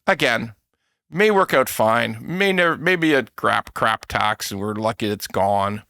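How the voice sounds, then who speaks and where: A man's voice: medium pitch, a little slow, clean tone, no room sound, clean studio sound. A Canadian man hosting a podcast, ranting in a casual, mocking way about politics. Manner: animated, laughing, mocking quotes of politicians. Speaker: podcast host. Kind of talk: casual opinion rant.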